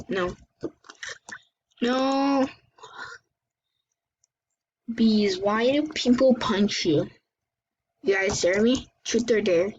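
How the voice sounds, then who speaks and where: Excitable gamer woman, slow and high. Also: breathy edge. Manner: excitable, chatty, often exclaiming and apologizing. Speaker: gaming channel host. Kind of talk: live gameplay commentary. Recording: dull lo-fi recording with faint hiss.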